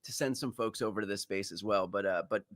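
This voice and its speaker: A man appearing as a guest on a podcast, teasing the hosts in an animated way. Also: fairly low pitch, quick pace. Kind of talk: casual chat.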